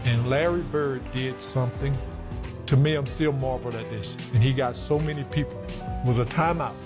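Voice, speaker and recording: A man's voice: medium pitch, steady tone, moderate pace. A former basketball player marveling as he recalls a moment from the bench, chuckling through it. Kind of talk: storytelling interview. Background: music.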